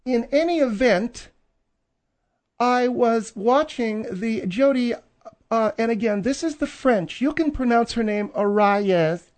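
A man's voice: extremely high pitch, unhurried, a little mellow, pitched above the performer's own voice. Brief: man playing a snooty, affected woman co-host; pompous, catty, comedy talk radio. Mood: haughty. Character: prissy, snobbish middle-aged woman co-host.

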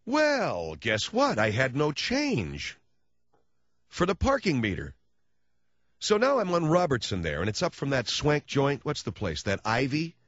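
This radio talk show host is a man with a mid-range voice and a measured pace, spinning rambling, funny on-air stories as an animated ranter with sarcastic asides. The studio recording has no echo and sounds lo-fi.

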